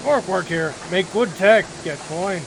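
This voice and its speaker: A gruff male orc factory laborer, worn down and blunt, speaks in loud, broken snippets of speech, as a man puts him on while playing a computer role-playing game. The voice sits fairly high and is pushed louder than ordinary talk. A noisy hiss runs behind it. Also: a little slow. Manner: broken clipped grammar, blunt short phrases.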